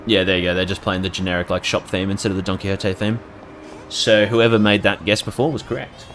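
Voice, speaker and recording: A man's voice: low-pitched, little pitch movement, quick pace, a bit bright, faint music behind. A man with an Australian accent giving casual, rambling, jokey commentary as he streams a game and reads out chat names.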